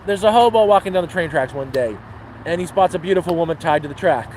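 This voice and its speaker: A man's voice: a little high, animated, fast talker, darkish tone, a little hiss or hum, rough recording. Crude, laid-back man livestreaming outdoors. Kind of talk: casual livestream chat and joke telling. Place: outdoors near water.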